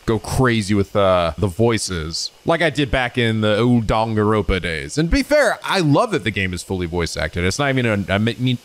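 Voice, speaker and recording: A man hosting a let's play, chatting excitedly and a little ramblingly as he introduces a new game. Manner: voices quoted people in a raised pitch. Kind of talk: casual gaming commentary.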